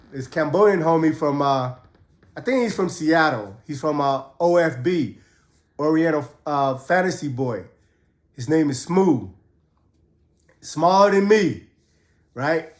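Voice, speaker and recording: Laid-back man telling stories, roomy echo. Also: on the high side. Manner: laid-back, profane, acts out quotes in a raised voice. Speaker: host telling prison stories. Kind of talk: casual storytelling.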